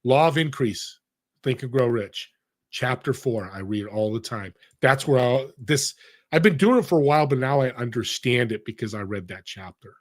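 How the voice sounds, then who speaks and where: A man's voice: mid-range voice, normal speed. A middle-aged man as an interview guest, telling stories with energy and speaking straight to the audience. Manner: animated, addresses the audience directly. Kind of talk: conversational storytelling.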